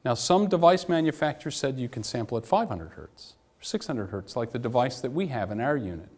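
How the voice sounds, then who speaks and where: Animated, wry man giving a conference talk. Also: mid-range voice, fairly quick. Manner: animated, anecdotal, wry asides. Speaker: academic lecturer. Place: lecture hall.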